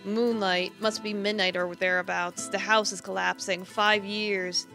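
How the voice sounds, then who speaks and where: A woman streamer reading a horror visual novel aloud in a theatrical way, swinging between hushed and emphatic lines. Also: medium pitch, level tone, a little slow, soft background music.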